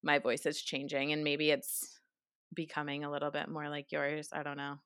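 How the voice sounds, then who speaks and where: A woman's voice: low-pitched, monotone, normal speed, fairly bright tone, clear, resonant tone, no room sound, studio quality. A young woman with a New York accent co-hosting a podcast, talking frankly and animatedly with a friend. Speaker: podcast co-host. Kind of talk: casual podcast chat.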